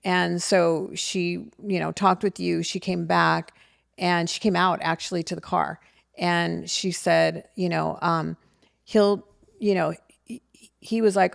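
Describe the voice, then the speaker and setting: A woman's voice: lowish voice, steady tone, measured pace, creaky, no echo, clean studio sound. A middle-aged woman and mother, talking in an earnest, reflective way on a casual podcast. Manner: earnest, reflective, faith-centered. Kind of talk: casual heartfelt conversation.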